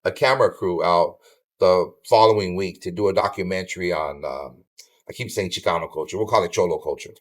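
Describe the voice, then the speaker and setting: A man's voice: low-pitched, brisk. An older man from Southern California, a podcast guest telling a long story in casual chat, swearing freely and acting out what others said. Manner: animated storyteller who swears casually and acts out others' lines.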